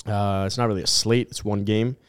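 Chill guy hosting a sports pod, smooth voice, joking around. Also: lowish voice, fairly even intonation, fairly quick. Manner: laid-back, jokey, leads the picks. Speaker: podcast host. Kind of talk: casual sports chat.

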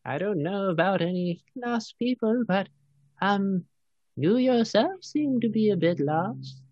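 A man voicing a kindly but wrinkled old woman who lives in a cave, in a drawn-out, sing-song way. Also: high voice, lively intonation, darkish tone, no echo, dull audio, voice pushed up. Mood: sly.

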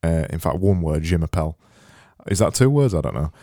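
A Yorkshire man with a very low voice hosts a relaxed chat about songs. He is chatty and pokes fun at himself. The sound is dry and close. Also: no room sound. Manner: chatty, self-deprecating, quick asides. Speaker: radio-style show host. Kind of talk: casual chat reviewing songs.

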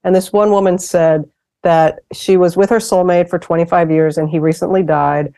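A woman's voice: on the low side, steady tone, normal speed, mellow. A woman hosting a casual conversation, reflective and encouraging as she shares anecdotes. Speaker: host.

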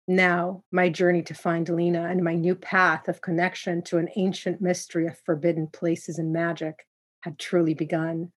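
Low-voiced woman reading a dark tale. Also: flat delivery, moderate pace. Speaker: narrator. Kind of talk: first-person story narration.

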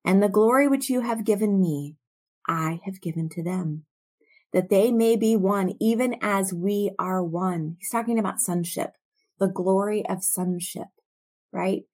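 A woman teaching from scripture in a slow, reflective way, sometimes dropping to soft near-whispers. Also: medium pitch. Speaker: Bible teacher.

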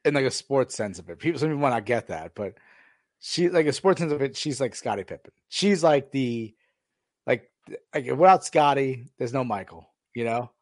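A man's voice: medium pitch, moderate pace, dry recording, clean studio sound. A man co-hosting a podcast, casually recapping a TV episode and acting out the scenes as he retells them. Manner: animated retelling, acts out scenes. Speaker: podcast co-host.

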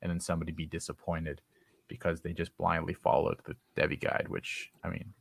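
Very deep gravelly blunt man. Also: completely flat delivery, dry recording. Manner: blunt, opinionated, drawn-out hedging with "you know". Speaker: panelist. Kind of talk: casual group discussion.

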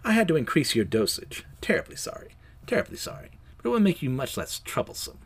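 A man reading aloud a comic, voicing a sinister male hospital orderly who keeps apologizing in a hushed, falsely polite way. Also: fairly high pitch, very animated, fast talker, breathy edge, exaggerated voice. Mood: creepy apologetic.

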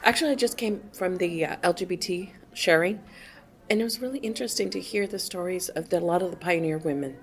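Low-voiced effusive woman. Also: fast talker. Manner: effusive, many exclamations. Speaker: conference attendee, AA member. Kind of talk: casual interview answers.

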